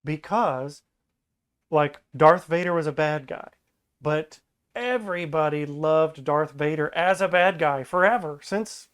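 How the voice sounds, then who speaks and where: A man as a podcast guest in casual chat, animated and acting out quoted lines in mocking voices. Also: a little high, a little slow, clean tone.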